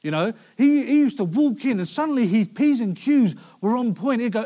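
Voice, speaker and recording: A man's voice: very high voice, animated, moderate pace, dark tone. Man preaching a casual sermon. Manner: conversational preaching with storytelling asides.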